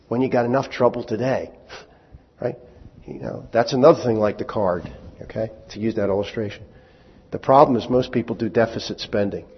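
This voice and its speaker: A pastor in his sixties preaches in a husky voice, often stumbling and repeating words between folksy asides. The sound is dull and lo-fi, with long reverb from a church hall. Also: medium pitch. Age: 60s. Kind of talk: sermon.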